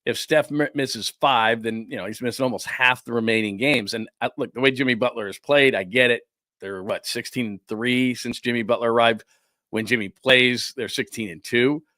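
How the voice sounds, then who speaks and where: Animated male sports talk host, dry sound. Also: medium pitch, normal speed, no echo. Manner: animated, indignant ranting with laughs. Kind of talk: casual talk show commentary. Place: studio.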